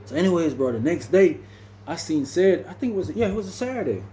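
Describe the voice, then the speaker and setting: A man's voice: on the high side, big pitch swings, fast talker, mellow, slight background noise. A man casually telling a prison story, in a loose, slangy way that ends almost every phrase with "bro". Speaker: storyteller recounting prison stories.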